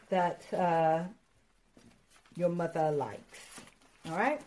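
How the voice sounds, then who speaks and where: A woman art teacher walking children through a craft lesson step by step, encouraging and excitable, pausing often with fillers. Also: deep voice. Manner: encouraging, hesitant with many fillers; addresses children directly, excitable.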